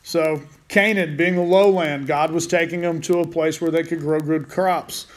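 A man's voice: fairly high pitch, fairly even intonation, normal speed. A man teaching a Bible study in a casual way, with rambling, joking asides.

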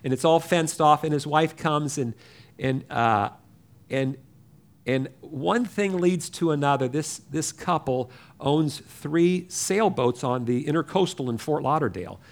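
A man's voice: a little high, lively intonation, a little slow. Rambling older man telling his testimony. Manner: rambling and digressive, chatty. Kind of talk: personal testimony storytelling.

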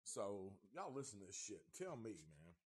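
A man's voice: lowish voice, sing-song, normal speed, slight background noise. A man giving a rambling, heavily profane review of an old horror film. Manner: profane, rambling, restarts often. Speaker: movie reviewer.

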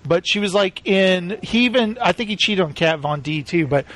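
A man hosting a casual podcast, telling animated stories and slipping into quick voice impressions. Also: sits high. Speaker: podcast host.

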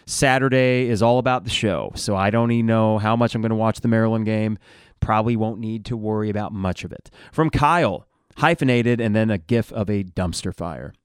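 A man's voice: lowish voice, fairly quick, clean tone, no echo, studio quality. A middle-aged man hosting a sports podcast, casually reading listener replies aloud with wry asides. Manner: wry, conversational, reads out comments one after another.

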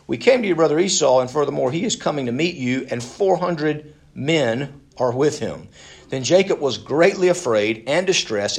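Guy leading a bible study, chatty, keeps asking the group stuff, medium pitch. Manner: casual, asks the group questions, repeats words when restarting. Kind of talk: conversational Bible teaching with group discussion.

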